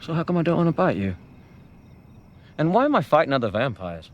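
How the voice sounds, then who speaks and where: A man's voice: fairly high pitch, sing-song, a little fast. An actor playing a boastful male vampire who grandly admires himself. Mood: smug. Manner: swaggering, grandly self-admiring. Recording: dull, muffled TV clip audio.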